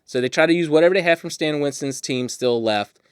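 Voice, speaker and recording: A man co-hosting a podcast, casually and excitedly retelling a movie's plot. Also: a little high, a little fast, clean tone, no room sound, studio quality. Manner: animated storyteller, swears, acts out lines. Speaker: podcast co-host. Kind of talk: casual movie-recap chat.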